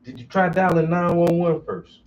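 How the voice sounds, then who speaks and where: A man's voice: a little high, normal speed, a little mellow. A man telling profane, joking stories casually while he paints. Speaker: painter streaming while working. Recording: distant, dull lo-fi with faint noise.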